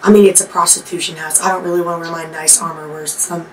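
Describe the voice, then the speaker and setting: A fairly low-voiced woman chimes in with dry, matter-of-fact comments during a tabletop game. She is distant from the mic in an echoey room, with other voices clearly heard around her. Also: level tone, fast, a crowd in the background. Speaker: player. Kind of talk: casual tabletop play.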